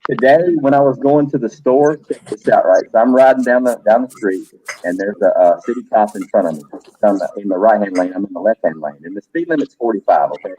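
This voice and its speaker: A man's voice: lowish voice, a little fast, warm tone, lo-fi sound, slight background noise. A middle-aged man hosting a livestream, chatting loosely, cursing now and then and greeting viewers by name. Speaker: livestream host. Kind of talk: casual livestream chat.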